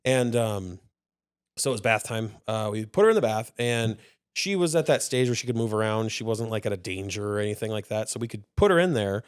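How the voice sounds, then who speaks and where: A man's voice: on the low side, lively intonation, fairly quick, clean tone, no echo, studio quality. A man co-hosting a casual podcast, telling a long story with laughter and swearing. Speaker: podcast co-host.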